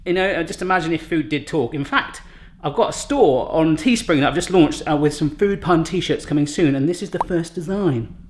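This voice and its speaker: A man's voice: a little high, expressive, a little fast. A man hosting a casual cooking demonstration in a home kitchen, chatty and jokey, with rambling asides. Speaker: cooking channel host.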